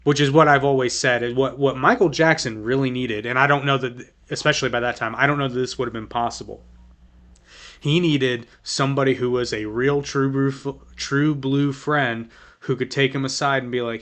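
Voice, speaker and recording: A man's voice: mid-range voice, steady tone, normal speed, a bit bright. A man co-hosting a casual podcast discussion, joking and often restarting his sentences. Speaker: podcast co-host. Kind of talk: casual chat.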